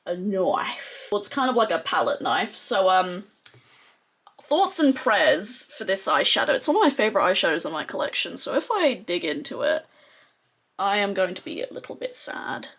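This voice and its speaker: A young woman with a husky voice chats her way through a casual beauty tutorial. Her pitch swoops up and down, and she fills her talk with excited asides and "like"s. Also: normal speed. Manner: chatty and excitable, with many "like" fillers. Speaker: beauty vlogger.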